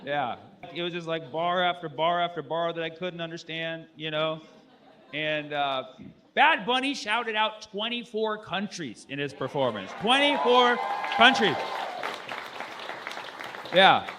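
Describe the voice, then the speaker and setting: A male stand-up comedian performing a loose, rambling set, breaking into shouted impressions. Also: a little high, lively intonation, a little slow. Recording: noisy live club recording with crowd. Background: audience laughter.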